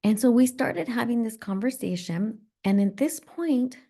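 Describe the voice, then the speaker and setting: A woman's voice: on the high side, normal speed. Middle-aged woman telling a personal story. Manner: animated, reflective, acts out voices. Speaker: podcast host.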